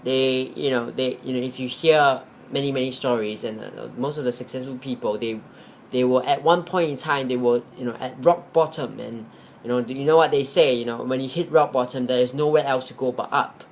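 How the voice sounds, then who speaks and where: A man retelling a motivational story for his vlog, rambling loosely and filling pauses with "you know". His voice sits at a middle pitch, with faint background noise. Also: steady tone. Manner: rambling, with many fillers. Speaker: vlogger.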